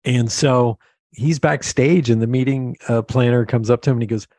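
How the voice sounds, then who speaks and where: A male host with a middle pitch tells a story with animation and lively acted-out quotes. The recording is dry, with no room sound. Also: moderate pace, no echo. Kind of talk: interview conversation, storytelling.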